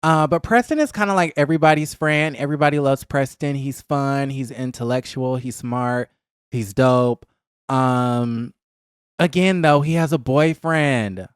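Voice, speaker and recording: A man chatting casually about a reality show, gossipy and animated, with a close mic. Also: normal speed, smooth, dry recording. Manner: gossipy and animated, acting out cast members in a higher voice. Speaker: reality TV recap vlogger. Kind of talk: casual chat.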